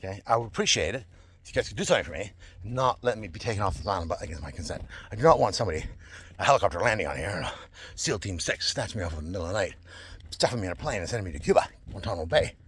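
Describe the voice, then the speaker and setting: A man's voice: deep voice, expressive, very fast, fairly bright tone, slight background noise. A man talking to camera in a rambling, digressive monologue, repeating himself and laughing often. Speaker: vlogger.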